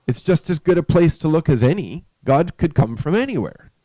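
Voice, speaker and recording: A man's voice: a little high, very animated, moderate pace, warm tone, no room sound, pitched above the performer's own voice. A man voicing a patient, searching tribal man. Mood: earnest.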